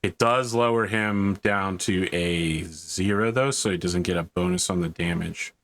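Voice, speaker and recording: A man's voice: sits low, a little slow, fairly bright tone. A man running a tabletop game as game master, narrating the action and chatting casually through the rules. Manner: casual, chatty, thinks aloud about rules.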